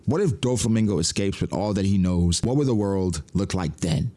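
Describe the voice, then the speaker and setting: A man on a manga reaction podcast giving excited solo commentary, acting out characters' lines in his own voice. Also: fairly low pitch. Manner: animated, acts out characters' quotes in his own voice.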